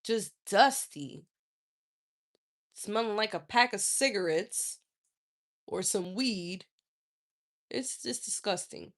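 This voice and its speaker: A woman's voice: mid-range voice, lively intonation, slow pace, long pauses. A woman hosting a livestream, ranting in a sassy, profane and indignant way. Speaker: livestream host. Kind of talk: casual livestream rant.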